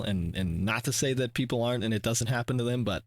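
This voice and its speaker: A man hosting a reaction video, talking in a casual, rambling way with many restarts and fillers, and swearing when he gets animated. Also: medium pitch, quick pace, no echo. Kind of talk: casual reflective commentary.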